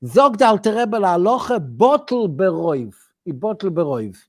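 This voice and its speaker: A man's voice: sits high, very animated, brisk, fairly bright tone. A man with a Yiddish-inflected English accent, a rabbi teaching a weekly study class in a chanting cadence, often restarting his sentences. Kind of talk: Talmudic study lecture.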